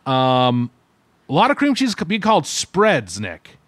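A man's voice: on the high side, huge pitch swings, unhurried, fairly bright tone, dry recording. A man co-hosting a podcast, giving a rambling, meandering casual food review. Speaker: podcast co-host. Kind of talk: casual chat.

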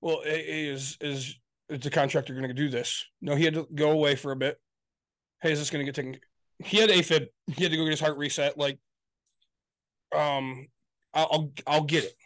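A man's voice: on the high side, steady tone, brisk, a bit bright, no echo. A man co-hosting a podcast, venting in casual chat with frequent swearing and acted-out quotes of his family. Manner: venting, profane, exasperated; acts out quoted exchanges. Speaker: podcast co-host.

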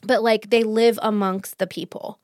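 A woman co-hosting a casual book podcast, talking in an animated, rambling way with quick restarts. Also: medium pitch, no room sound, clean studio sound. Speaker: podcast co-host.

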